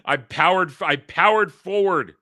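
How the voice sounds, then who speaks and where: A man's voice: high voice, bright, forceful tone, no room sound, clean studio sound. A man hosting his own livestream who talks bluntly and rambles, swears freely and often restarts his sentences. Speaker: livestream host. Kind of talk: casual livestream talk.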